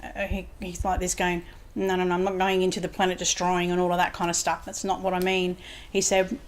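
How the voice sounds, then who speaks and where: A woman's voice: lowish voice, monotone, a little fast, slight background noise. A woman, a psychic medium guest in a casual home interview, who rambles and keeps retelling conversations with "he said". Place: home lounge room.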